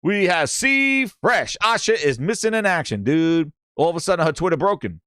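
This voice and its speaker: A man's voice: on the high side, moderate pace, smooth, dry recording, studio quality. A man hosting a gaming livestream, ranting with profanity and calling out viewers in the chat. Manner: animated, profane, shouting out chat names.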